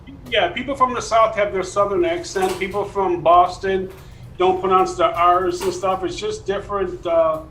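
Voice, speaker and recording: A man's voice: high-pitched, fairly even intonation, normal speed, fairly bright tone. A man who is a ham radio operator, chatting casually on a video call in an easygoing, joking way. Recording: echoey room with faint hiss.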